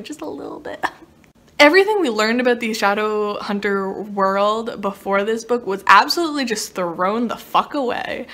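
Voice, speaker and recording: A woman's voice: medium pitch, fairly bright tone. Exasperated young woman ranting about books. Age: young adult. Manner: exasperated, emphatic, sprinkled with swearing and laughs. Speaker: book reviewer. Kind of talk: casual ranting book review.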